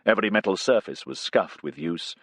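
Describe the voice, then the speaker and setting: A man narrating a science fiction audiobook in an expressive reading style. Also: low voice, a little fast, dry recording, clean studio sound.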